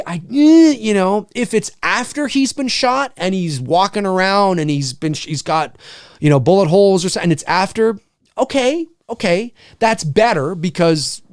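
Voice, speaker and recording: A man chats on a live stream with a very animated, swooping delivery. He rambles, swears freely and laughs a lot, and the sound is close and dry with no room around it. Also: high voice, dry recording. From Canada. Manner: rambling, profane, laughs often, acts out scenes with shouted voices. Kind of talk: casual live stream chat.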